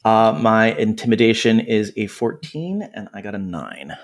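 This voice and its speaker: A man's voice: fairly low pitch, animated, normal speed. A man playing a character in a tabletop game, describing his actions casually. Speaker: player. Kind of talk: tabletop role-play.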